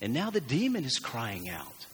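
A man's voice: mid-range voice, huge pitch swings, normal speed, fairly bright tone, a little hiss or hum. A man preaching a sermon as pastor, earnest and emphatic, leaning into repeated phrases. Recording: long church hall reverb.

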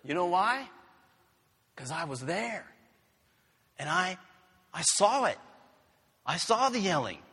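A man's voice: high-pitched, very animated, slow pace, pauses often, bright, forceful tone, slightly rough, big-room sound. A man preaching a sermon in an earnest, conversational way, telling family stories. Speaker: pastor.

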